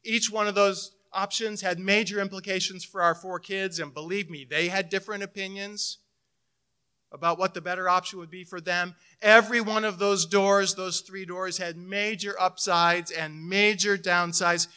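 A middle-aged man preaching a sermon as pastor, telling a personal story and swinging between loud emphasis and hushed, intimate moments. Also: high voice, steady tone, normal speed, clear, resonant tone.

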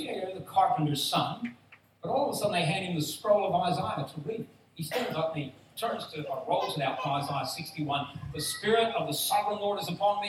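A man preaches to a congregation in a lively, storytelling way, acting out the people in his stories. His voice sits a little high for a man. The sound comes from a distant mic in a very echoey hall, with faint noise underneath. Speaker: pastor. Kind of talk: sermon. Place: church hall.

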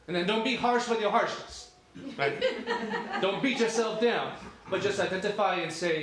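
A man preaching in a relaxed, conversational way, telling stories and tossing rhetorical questions to the congregation. His voice sits a little higher than most men's and rings through a very echoey room, with faint ambience behind it. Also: measured pace, long pauses, a little hiss or hum. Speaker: pastor. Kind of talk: sermon.

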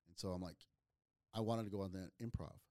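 A man's voice: deep voice, fairly even intonation, a little fast, warm tone, dry recording, clean studio sound. A man from Northern California, a comedian guest, telling stories in a blunt, direct way with casual cursing. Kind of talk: casual storytelling.

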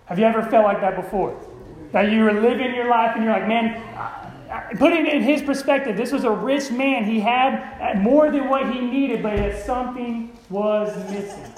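A man's voice: very high-pitched, moderate pace, echoey room, poor audio. A man preaching a sermon as pastor, conversational and often checking in with the congregation. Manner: conversational, keeps asking the congregation "right?".

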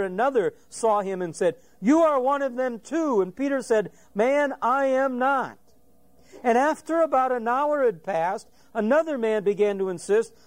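A middle-aged man preaching a sermon, telling the story vividly and acting out the quotes and a crowing rooster. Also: very high voice. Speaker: pastor.

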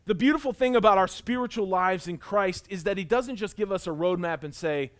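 High-voiced earnest male preacher. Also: a little fast. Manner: earnest, swings between loud emphasis and quiet intensity. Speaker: pastor. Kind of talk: sermon with personal storytelling.

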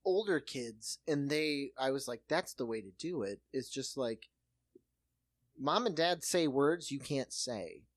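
A co-host in casual comedic chat, answering with quick jokes and affirmations. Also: mid-range voice, lively intonation, dry recording. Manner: quick jokey replies and affirmations.

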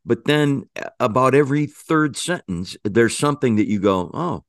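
Lively-pitched man musing in a dry room. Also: moderate pace, no echo. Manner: musing, hesitant, lots of fillers. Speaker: podcast co-host. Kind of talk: conversational chat.

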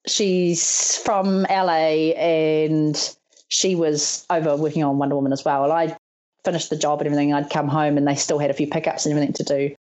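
Here's a deep-voiced woman talking a little fast over poor audio: a stunt performer from New Zealand, in her thirties. Spinning stories in an easygoing interview, she laughs a lot, stays animated, and voices the people she quotes.

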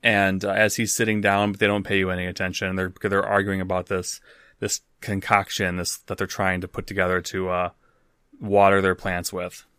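Casual game master, a man with a low voice, loose narration, dry close sound. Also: completely flat delivery, normal speed, fairly bright tone, clear, resonant tone, no echo. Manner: loose, casual, swears, restarts.

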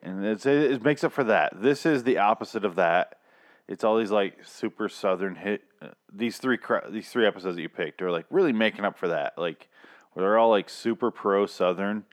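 A man talks casually on a podcast in a somewhat low voice. He rants, swears freely and leans hard on sarcasm. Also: moderate pace. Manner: profane, ranting, sarcastic. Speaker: podcast co-host.

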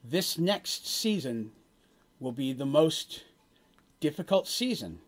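A man voicing a solemn tribal prophetess in a tabletop game, speaking in slow, grave pronouncements. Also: on the high side, sing-song, exaggerated voice. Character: solemn tribal prophetess foretelling a dark season.

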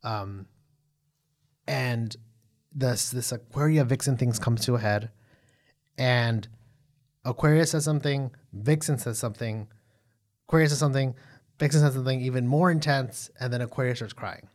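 A man co-hosting a casual recap chat, animated and profane, full of fillers and restarts. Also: mid-range voice, normal speed, long pauses. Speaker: podcast co-host.

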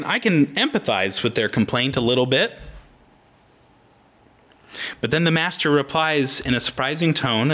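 A man in his thirties preaching a sermon, animated and chatty, often acting out the voices of people in the story. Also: mid-range voice. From Oregon, United States. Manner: animated, acts out voices in quotes. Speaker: pastor.

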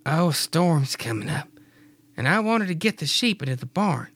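A man voicing a gentle, devoted young farm wife in a raspy falsetto with a put-on Scottish accent. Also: sing-song, moderate pace, no room sound, heavily acted. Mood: weary.

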